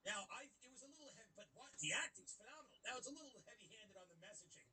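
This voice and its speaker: A man's voice: extremely high pitch, animated, racing, far from the mic, a crowd in the background, low-quality recording. A man hosting a show, riffing sarcastically and profanely as he comments on video clips. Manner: profane, sarcastic, rambling riffs. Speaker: podcast host.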